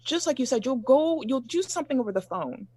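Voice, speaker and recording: A woman in a casual panel discussion, telling personal stories in a measured way, pausing often. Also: high voice, lively intonation, a little mellow, dry recording.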